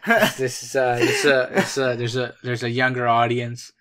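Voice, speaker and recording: A man's voice: mid-range voice, little pitch movement, moderate pace, fairly bright tone. A young man with an ordinary mid-range voice, co-hosting a podcast in casual chat. He teases dryly and rambles with fillers. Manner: dry, teasing, rambling with fillers. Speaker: podcast co-host.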